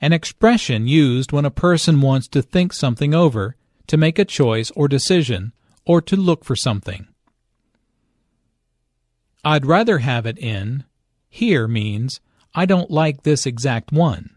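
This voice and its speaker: Slow, measured man explaining English. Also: mid-range voice, animated, darkish tone, no room sound, studio quality. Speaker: English teacher. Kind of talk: scripted language-lesson narration.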